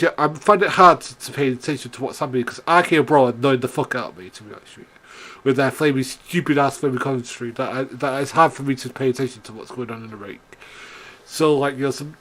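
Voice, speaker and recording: Rambling man reviewing wrestling. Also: mid-range voice. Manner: laughs often, swears, many restarts and fillers. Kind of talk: casual rambling recap.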